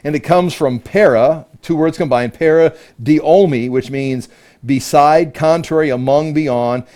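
A man's voice: fairly high pitch, a little slow, a little mellow. Emphatic man teaching a Bible study. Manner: explanatory, emphatic, stops to check his notes.

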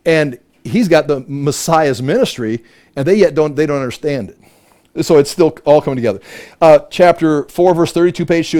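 A man's voice: fairly high pitch, fairly quick, warm tone. A man leading a Bible study, conversational and full of rhetorical questions. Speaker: Bible teacher.

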